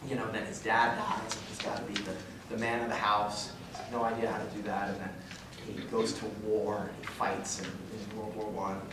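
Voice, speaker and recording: A young man giving an earnest, emotional faith talk to a church group, rambling with restarts and chuckles. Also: mid-range voice. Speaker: guest speaker at a parish talk. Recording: very echoey hall from far off, noisy.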